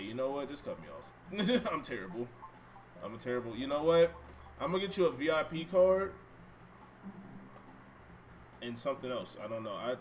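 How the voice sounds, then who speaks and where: A man streaming himself playing a video game from a room at home, chatting and bantering with his viewers and swearing freely. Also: medium pitch. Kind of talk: casual live-stream chat while playing. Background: game music.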